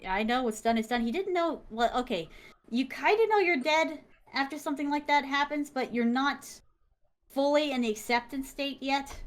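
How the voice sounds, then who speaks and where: A young woman, an interview guest, telling a story in casual chat, animated and full of fillers and exclamations. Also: high voice.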